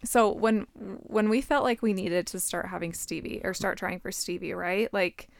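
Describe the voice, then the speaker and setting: A young adult woman in casual chat, speaking candidly and haltingly as she searches for her words. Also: mid-range voice, steady tone, vocal fry, dry recording.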